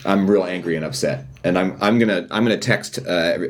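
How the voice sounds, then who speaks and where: A man playing a character in a tabletop role-playing game, talking in a halting, earnest way with many restarts. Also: low voice. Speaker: player.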